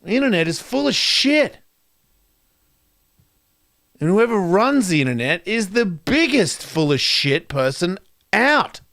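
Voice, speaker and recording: A man doing a profane stand-up rant, swinging between loud outbursts and quiet asides. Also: sits high, very animated, unhurried, pauses often. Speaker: comedian.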